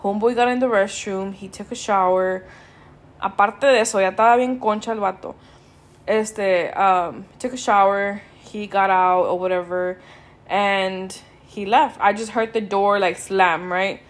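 A woman's voice: mid-range voice, fairly even intonation, unhurried. A young woman, hosting a podcast and telling a story in casual, sweary, laid-back speech that drags with tiredness. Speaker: podcast host.

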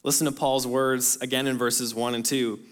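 A man preaching a sermon to his congregation, speaking earnestly and directly to them, rising to emphatic bursts and then dropping soft and low. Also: little pitch movement, normal speed. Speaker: pastor.

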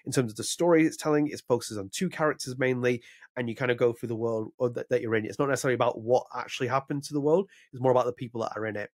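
Fast-talking opinionated podcaster. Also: male voice, medium pitch, no echo, clean studio sound. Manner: rambling, opinionated, frequent restarts. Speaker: podcast co-host. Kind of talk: casual podcast chat.

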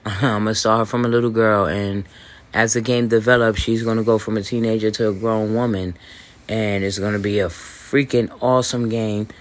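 A man hosting a podcast, talking in a loose, boastful monologue full of fillers, restarts and swearing, with hiccups and throat clearing. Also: lowish voice, little pitch movement, normal speed. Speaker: podcast host. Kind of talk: rambling casual monologue. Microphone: voice message recording.

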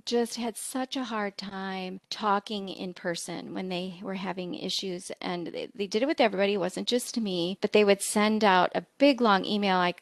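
A woman's voice: mid-range voice, fairly even intonation, moderate pace, creaky, hardly any pauses, no echo. Earnest woman, dry close sound. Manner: earnest, supportive, many "you know" fillers. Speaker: podcast co-host, nursing faculty. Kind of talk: conversational podcast discussion.

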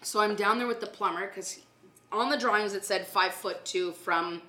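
A woman tells a story in casual chat, her voice bright and sharp as she talks with lively energy. She swears freely as she goes. The sound is echoey, as if the room is bare. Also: mid-range voice, moderate pace. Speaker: renovation company owner.

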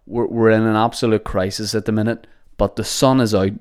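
A man's voice: fairly low pitch, fairly even intonation, a little fast, clean tone. A young man hosting a podcast, rambling and joking with plenty of swearing. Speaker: podcast host. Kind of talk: casual comedic monologue. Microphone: podcast microphone.

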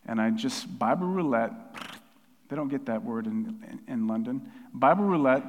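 A middle-aged man preaching a sermon with passion, his voice swelling from quiet asides to loud, fervent peaks. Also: mid-range voice, animated, normal speed, lo-fi sound, slight background noise. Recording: long hall reverb.

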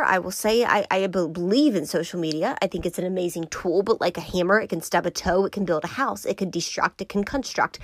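A woman's voice: medium pitch, dry recording. Earnest young woman, close and dry. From Georgia, US. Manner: earnest, drops into soft whispers for emphasis. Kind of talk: reflective personal monologue.

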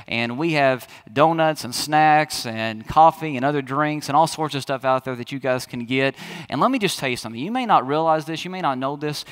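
A man's voice: a little high, a bit bright. A man in his thirties, a pastor preaching a sermon in a chatty, storytelling way that speaks straight to the congregation.

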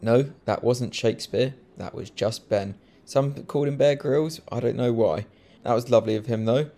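A man's voice: medium pitch, normal speed, creaky, dark tone. A man hosting a casual podcast, jokey and self-mocking as he introduces clips. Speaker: podcast host.

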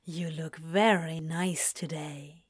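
Woman doing a low, drawling flirtatious man. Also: steady tone, slow pace, slightly rough, no echo, clean studio sound, heavily acted. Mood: teasing. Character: flirtatious male seducer on the phone.

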